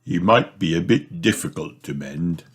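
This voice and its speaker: A man voicing a jolly, good-humoured father pig from a children's storybook in a gentle dad voice. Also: deep voice, lively intonation, normal speed, breathy edge.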